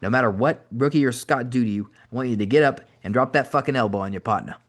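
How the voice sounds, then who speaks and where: A man voicing a gruff male wrestling booker from Boston, blunt and fond of calling people brother. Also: mid-range voice, quick pace, close to an everyday voice. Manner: blunt, calls everyone brother.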